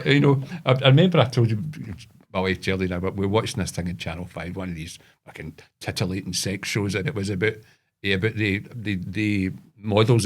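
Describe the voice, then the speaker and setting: A Scottish man telling rambling, swearing anecdotes in casual podcast chat. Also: on the low side. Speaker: podcast co-host.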